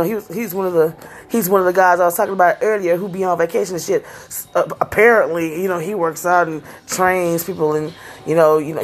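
A woman's voice: fairly low pitch, breathy edge. A middle-aged woman from Texas telling a rambling, profane story in a casual vlog, laughing often. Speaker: vlogger.

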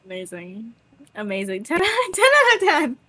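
A woman's voice: on the high side, huge pitch swings, moderate pace, pushed and bright, no echo. A young woman co-hosting a podcast in casual chat, talking animatedly and acting out quotes with laughs. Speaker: podcast co-host.

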